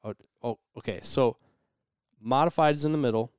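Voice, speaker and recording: A man talking as a podcast guest, explaining things step by step in casual chat. His voice is mid-pitched and smooth. The sound is dry and close to the mic. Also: moderate pace, darkish tone, no room sound. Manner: explanatory, lots of agreeing murmurs.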